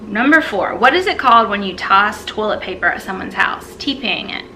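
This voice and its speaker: A woman's voice: medium pitch, lively intonation, moderate pace, pushed and bright, a little hiss or hum, poor audio. A woman in her thirties from South Carolina with a Southern US accent, chatting through an accent tag video and repeating words aloud. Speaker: vlogger. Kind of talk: casual accent tag vlog.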